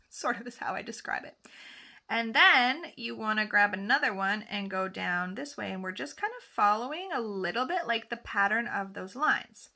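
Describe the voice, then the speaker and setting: A woman's voice: a little high, measured pace, vocal fry, bright, forceful tone. A woman nail technician chatting casually through a tutorial as she paints, often correcting herself mid-sentence. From Canada. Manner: chatty, talks while painting, self-correcting.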